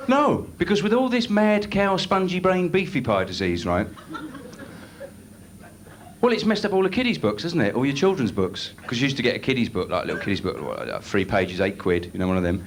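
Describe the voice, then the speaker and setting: Young male stand-up with a lively voice. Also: on the low side, fairly quick. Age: young adult. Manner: rambling, deadpan storytelling with asides. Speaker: stand-up comedian. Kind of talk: live stand-up comedy. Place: comedy club stage. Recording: noisy old videotaped club show.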